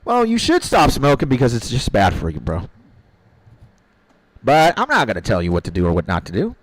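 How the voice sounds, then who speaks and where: On a low-quality recording, a man streams a game and talks briskly in a mid-range voice whose pitch swoops wildly. He rambles casually with viewers in slang, calling them "bro" and "my G".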